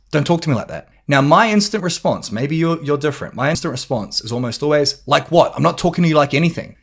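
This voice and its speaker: A man's voice: medium pitch, slightly rough. A man hosting a motivational podcast, talking emphatically about relationships and swearing now and then. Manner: emphatic, demonstrates tones of voice, swears. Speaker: podcast host and relationship coach.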